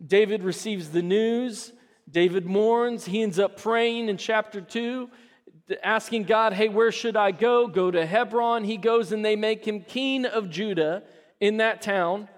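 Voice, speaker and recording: A man's voice: high voice, a little slow, in a large hall. A middle-aged man, a pastor, chatting through a family story with laughs before moving into prayer and scripture. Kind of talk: sermon with personal story.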